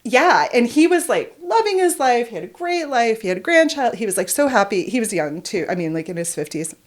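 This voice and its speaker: A middle-aged woman chatting as a podcast guest, telling stories in an animated way, laughing often and swearing freely. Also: a little high, fairly quick. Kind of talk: casual podcast chat.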